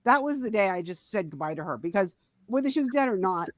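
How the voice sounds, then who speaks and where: A middle-aged woman co-hosting a podcast, telling a family story in casual chat, swinging between quiet and loud. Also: medium pitch, lively intonation, fast talker, no room sound. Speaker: podcast co-host.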